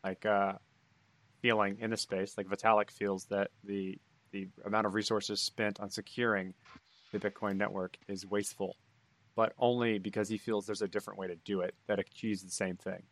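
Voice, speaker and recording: A man co-hosting a podcast, explaining things in a calm, steady way. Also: fairly low pitch, normal speed. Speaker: podcast co-host. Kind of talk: casual podcast chat.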